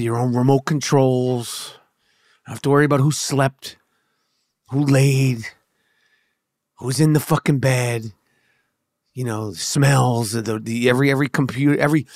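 In a studio-quality recording with no room sound, a New York-accented man speaks at medium pitch while hosting his podcast. It's a casual monologue rant, heated, profane, and marked by stammered restarts.

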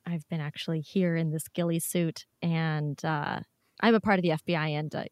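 A woman improvising a timid agent in a comedy sketch, soft-spoken and halting. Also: sits low, steady tone, no echo. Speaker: improv performer playing a timid federal agent.

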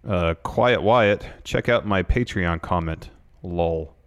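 Deep-voiced male podcast co-host. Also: slow pace, clean tone. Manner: reads news items aloud, relaxed and agreeable in chat. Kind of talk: casual wrestling podcast chat.

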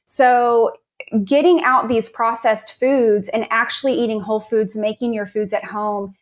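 A woman naturopath as an interview guest, explaining health topics in a steady, informative way. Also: on the high side, a little slow.

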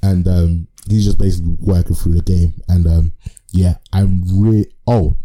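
A man's voice: deep voice, steady tone, moderate pace, dark tone, poor audio. A man co-hosting a podcast, chatting casually about anime in a rambling, sweary, slangy way. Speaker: podcast co-host.

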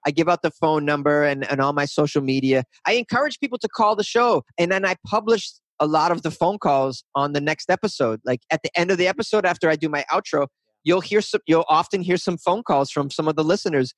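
Podcast guest: a chatty man with a slightly high voice who rambles with enthusiasm, recorded dry and close. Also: brisk, dry recording. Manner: rambling, animated, restarts often. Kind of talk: casual interview talk.

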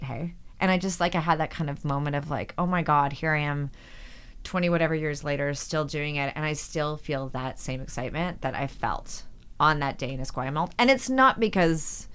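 A woman in her forties with a low voice tells stories from her acting career in a relaxed interview. She jumps into quoted voices as she goes and keeps the telling lively. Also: clean tone. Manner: animated anecdotes, acts out quoted voices. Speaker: actress, podcast guest. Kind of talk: casual storytelling interview.

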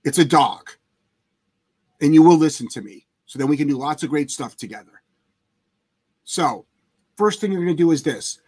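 Hosting a casual livestream as a dog trainer, a man answers viewer questions bluntly and emphatically, swearing plenty. His voice sits on the high side, animated and a little mellow yet husky, at normal speed with frequent pauses.

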